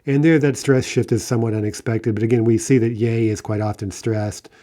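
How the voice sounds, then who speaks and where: A man's voice: mid-range voice, steady tone, brisk, dark tone. A man teaching a recorded language lesson, explaining endings step by step and often checking in with "right?" between examples.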